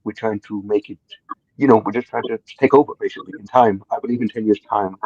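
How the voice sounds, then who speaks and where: A man doing a brash, defiant migrant caller who talks quickly and low, with a husky edge. He taunts everyone and keeps calling them brother. The sound is muffled and dry, the way a call-in line sounds. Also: steady tone, darkish tone, no echo. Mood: smug. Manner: taunting, calls people brother.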